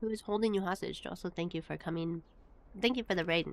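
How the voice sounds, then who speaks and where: Chatty woman streamer with a lowish voice. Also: fast. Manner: chatty, talks to viewers, reads game text aloud. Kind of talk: casual live-stream chat while gaming.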